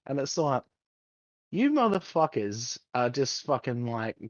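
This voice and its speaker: A man's voice: medium pitch, big pitch swings, unhurried, no echo, highs cut off. A man co-hosting a casual podcast chat, ranting heatedly with heavy swearing. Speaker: podcast co-host.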